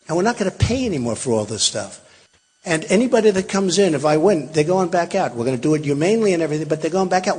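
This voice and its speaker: Husky older man giving a rally speech. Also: on the high side, very animated, quick pace, a little mellow. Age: 60s. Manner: rambling, repetitive and emphatic, with asides to the crowd. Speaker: political candidate at a rally. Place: large hall. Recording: long hall reverb.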